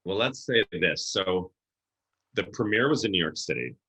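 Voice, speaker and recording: Middle-aged male guest, low bright voice, lively storyteller, roomy echo. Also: moderate pace. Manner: animated storyteller acting out quoted voices. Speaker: podcast guest, event planner. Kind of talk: casual storytelling interview.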